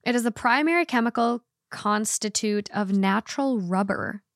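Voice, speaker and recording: A woman's voice: on the high side, moderate pace, dry recording, clean studio sound. A young woman hosting a casual podcast, talking frankly and matter-of-factly while giving practical tips. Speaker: podcast host.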